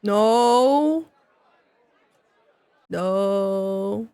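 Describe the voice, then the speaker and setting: A woman's voice: mid-range voice, extremely slow, smooth, a faint crowd. A woman streaming a game live, chatting casually with her viewers and laughing often. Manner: giggly, excitable, laughs often.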